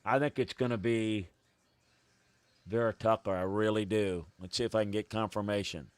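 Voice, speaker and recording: A man hosting a draft show, thinking aloud in halting, casual commentary and getting excited when news comes in. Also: lowish voice, clean tone, no echo.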